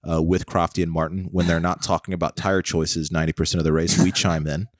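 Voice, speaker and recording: Low-voiced American man, thirties, rambling podcast co-host, dry close sound. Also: flat delivery, quick pace, no room sound. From United States. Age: 30s. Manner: rambling, full of "like" and "okay", spins comic what-if scenarios. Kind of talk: casual chat.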